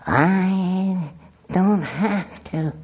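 A man's voice: high-pitched, very slow, darkish tone, slightly rough, pitched above the performer's own voice, full character voice. A man voicing a mocking male demon that taunts from inside a possessed woman. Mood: defiant.

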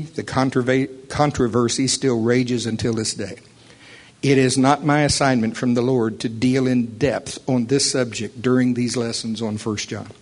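A man's voice: mid-range voice, darkish tone. A man teaching a Bible lesson, earnest and emphatic, reading scripture aloud.

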